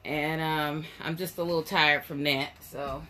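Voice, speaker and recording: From her doll room at home, a woman hosts her weekly casual live stream about dolls, chatting and greeting viewers by name while a little out of breath, captured on a phone live stream. Her voice sits low, with a steady, sharp tone and measured pace.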